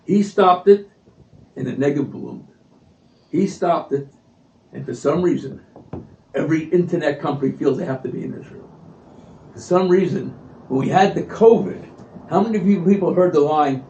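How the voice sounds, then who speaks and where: A man giving an animated storytelling speech at a community event, acting out what people said. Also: a little high, moderate pace, long pauses, a little hiss or hum. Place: event hall. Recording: distant echoey lo-fi livestream audio.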